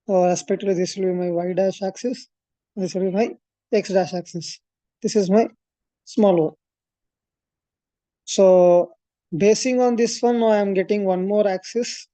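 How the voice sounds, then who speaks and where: A woman's voice: medium pitch, fairly even intonation, measured pace, long pauses, warm tone, no room sound. A woman, teaching a maths coaching class and working through a proof step by step, thinking aloud with fillers and corrections. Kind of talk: classroom lecture at a board.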